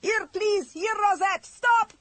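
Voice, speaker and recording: A man's voice: extremely high pitch, expressive, slow, warm tone, breathy edge, no room sound, voice pushed up, full character voice. A terrified little carriage driver in a storybook, shrieking his words far above the narrator's own voice. He sounds frantic and breathless with fear. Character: panicked small male carriage driver.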